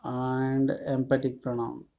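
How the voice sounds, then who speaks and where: Guy teaching grammar, lots of uhs, repeats word lists, muffled low-quality audio. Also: monotone, slow pace, creaky. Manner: hesitant, many "uh" fillers, repeats word lists. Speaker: school teacher. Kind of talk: classroom grammar lesson. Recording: dull lo-fi recording.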